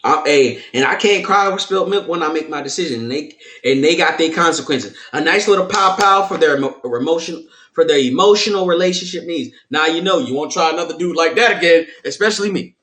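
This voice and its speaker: A man in casual podcast chat, playful and animated, acting out quoted lines as he tells stories. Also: fairly high pitch, a little fast, roomy sound.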